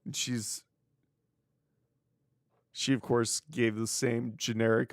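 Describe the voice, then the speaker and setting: A man's voice: medium pitch, level tone, slow, pauses often, dry recording, clean studio sound. A man hosting his own wrestling news show, chatting casually on his own, sarcastic and swearing freely. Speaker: wrestling news podcast host. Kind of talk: casual solo commentary.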